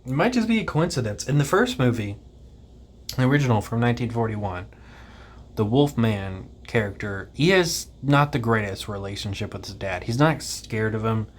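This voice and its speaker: A man talks through a film review in a loose, unscripted way. He rambles, stops for filler sounds, and swears casually as he goes. His voice sits at an ordinary middle pitch for a man. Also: animated, normal speed. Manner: rambling, offhand, swears casually, many ums. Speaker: movie reviewer.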